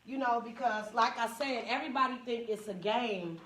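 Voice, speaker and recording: Her voice sits a little high, with a moderate pace and a fairly bright tone. This comedian and support group speaker, who has a Northern California accent, shares a candid personal story with a small audience, laughing a lot and mimicking what others said, recorded at a distance in a room with echo.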